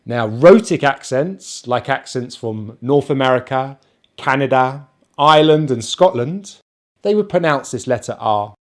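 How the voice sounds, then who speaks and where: A man with a British accent teaching English pronunciation, slowly drilling and repeating syllables. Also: mid-range voice, expressive. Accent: British, non-rhotic. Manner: slow, exaggerated drilling of sounds. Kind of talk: pronunciation lesson.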